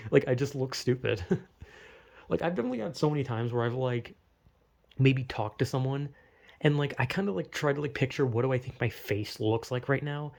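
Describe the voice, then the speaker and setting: A man's voice: mid-range voice, animated, moderate pace, creaky, darkish tone. A young man with a slight Southern US accent, rambling through a casual solo monologue, full of "like" fillers, swearing and laughing at himself. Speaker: podcaster musing solo.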